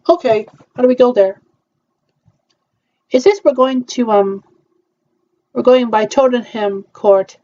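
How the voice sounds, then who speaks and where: A woman acts out a trip in a fairly high voice, pausing often and filling gaps with hesitant fillers. The sound is dull and lo-fi. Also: noisy background. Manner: hesitant, halting talk with many fillers. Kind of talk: acting out a trip with several voices.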